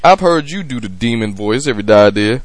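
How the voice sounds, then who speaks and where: A man's voice: mid-range voice, expressive, fast talker. A man hosting a podcast in casual chat, joking and rambling with frequent restarts. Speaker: podcast host.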